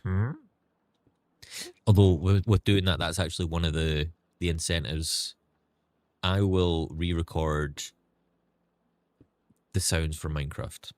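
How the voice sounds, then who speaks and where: A man's voice: low-pitched, steady tone, slow, pauses often, a little mellow. A young man with a toned-down Scottish accent chatting casually on a livestream, thanking viewers and swearing now and then. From Scotland. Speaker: streamer. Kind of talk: casual livestream chat while gaming.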